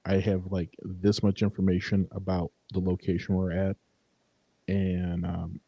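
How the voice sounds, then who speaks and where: A man in casual chat, rambling in a relaxed way about his paranormal investigations, with casual swearing. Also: deep voice, unhurried, vocal fry, breathy edge, dry recording, lo-fi sound.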